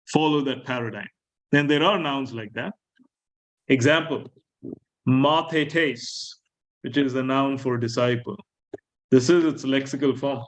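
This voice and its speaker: A man lecturing a class on Greek grammar, slowly repeating key words and asking his students questions. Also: a little high, rough recording. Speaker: Greek teacher.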